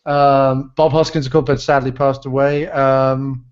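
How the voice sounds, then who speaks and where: A man's voice: mid-range voice, little pitch movement, measured pace, clear, resonant tone. A man chatting casually as a podcast guest, rambling with lots of ums, swearing and laughing along. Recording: dull lo-fi sound.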